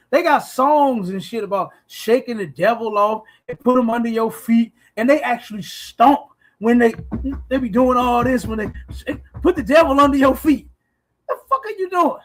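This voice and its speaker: A man hosting a podcast, preaching emphatically with profanity and repeated "you understand?". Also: high voice. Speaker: podcast host.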